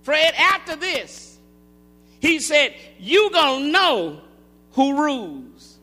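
A man preaching a call-and-response sermon to his congregation, building into shouted, rhythmic cadences. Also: very high voice, very animated, slow. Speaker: pastor. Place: large church sanctuary. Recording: long hall reverb.

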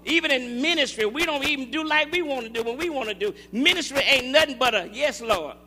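A man preaching a call-and-response sermon to his congregation, building into shouted, rhythmic cadences. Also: very high voice, fast. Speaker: pastor. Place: large church sanctuary. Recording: long hall reverb.

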